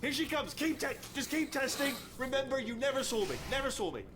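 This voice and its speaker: A man's voice: very high-pitched, lively intonation, a little fast. A man voicing a chatty, nervous male robot sidekick in a video game, rambling in a jittery, conspiratorial way. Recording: noisy game audio from a distance.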